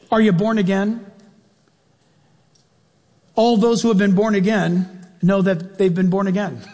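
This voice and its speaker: Playful preacher guy, high voice, kinda husky, long echo in a church. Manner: animated, playful, directly questions the congregation. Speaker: pastor. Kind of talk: sermon.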